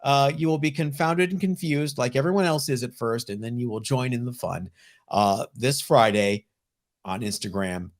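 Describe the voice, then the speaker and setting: A man's voice: mid-range voice, moderate pace. A man co-hosting a casual podcast about comic book collecting, talking with an enthusiastic manner. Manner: enthusiastic, lively collector banter. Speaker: podcast co-host.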